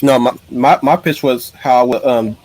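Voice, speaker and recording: A man's voice: mid-range voice, moderate pace, darkish tone. A man hosting a casual live stream, telling his ideas in an eager, rambling way. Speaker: streamer host.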